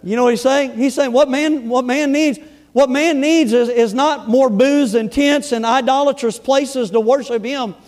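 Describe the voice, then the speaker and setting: Pastor guy preaching, really high voice, punchy and emphatic, lots of repeats. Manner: emphatic, repeats words, shifts between loud bursts and slow stresses. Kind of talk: sermon.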